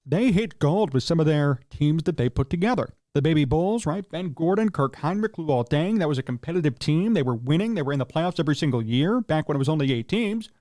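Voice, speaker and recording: Sports radio host, male, high-pitched, opinionated and exasperated, dry close sound. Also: animated, fairly quick, few pauses, mellow, no echo. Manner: opinionated, exasperated rants with rhetorical questions. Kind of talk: solo sports talk commentary.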